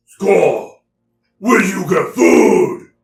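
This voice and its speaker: A man's voice: high voice, wildly swooping pitch, extremely slow, vocal fry, roomy sound, pitched above the performer's own voice, full character voice. A man voicing a huge, menacing male brute who bellows in broken speech. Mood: bellowing.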